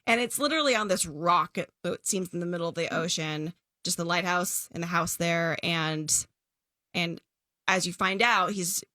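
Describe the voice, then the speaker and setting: A woman co-hosting a podcast, casually describing a film she reviewed, animated and quick to laugh. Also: lowish voice, dry recording, clean studio sound. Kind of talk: casual chat.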